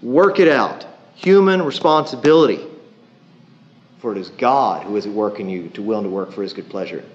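A man's voice: on the low side, expressive, fast talker. A middle-aged man preaching a sermon in a conversational way, with dry humor and frequent asides. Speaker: pastor. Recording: dull lo-fi sound.

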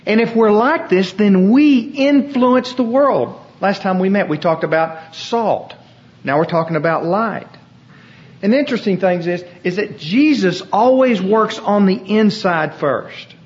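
A man's voice: sits high, expressive, measured pace, dull audio. A man preaching a sermon as pastor, with an emphatic, repetitive cadence.

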